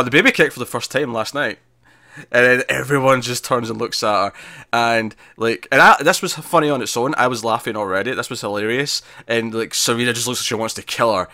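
A man hosting a podcast, retelling a TV episode in casual chat, animated and laughing, with many fillers and restarts. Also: medium pitch, dry recording, studio quality. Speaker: podcast host reviewing a TV episode.

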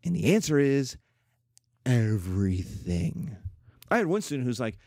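A middle-aged man teaching a classroom lecture in an emphatic, animated way, slipping into playful mock voices. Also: mid-range voice, a little slow, long pauses, dry recording, studio quality. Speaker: history teacher.

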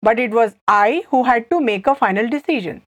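A woman from India with an Indian accent, leading a scripted language lesson and repeating phrases slowly and clearly. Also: fairly high pitch, lively intonation, no room sound. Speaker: language teacher.

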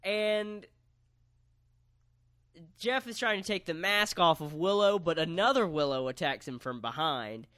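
A man co-hosting a podcast, recapping a story in relaxed casual chat with lots of fillers. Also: high-pitched, unhurried, pauses often, dry recording. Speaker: podcast co-host.

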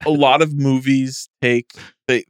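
A man hosts a casual podcast in a relaxed, measured way. His voice is smooth and clear, with a dry close sound. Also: mid-range voice, dry recording. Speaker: podcast host. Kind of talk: casual chat.

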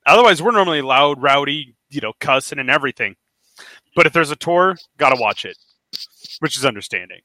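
Bright-toned young man telling stories. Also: mid-range voice, expressive, fairly quick, dry recording. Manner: rambling storyteller, loose and profane. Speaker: podcast co-host. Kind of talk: casual crude banter.

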